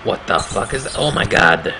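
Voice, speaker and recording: A man with a raspy voice doing casual commentary on a horror game, reacting with swearing and startled remarks. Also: low voice, expressive, normal speed, noisy background. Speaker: gameplay commentator.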